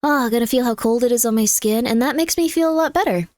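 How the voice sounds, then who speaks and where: Young woman streamer, relaxed and jokey, thanks her chat a lot; higher voice, close and dry. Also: quick pace, dry recording. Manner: chatty and jokey, thanks viewers by name. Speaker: livestreamer. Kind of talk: casual live-stream chat.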